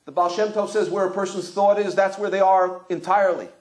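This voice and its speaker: A male rabbi gives a Torah lecture full of anecdotes, repeatedly restarting his words. His high-pitched, darkish voice keeps a fairly even intonation and moves a little fast.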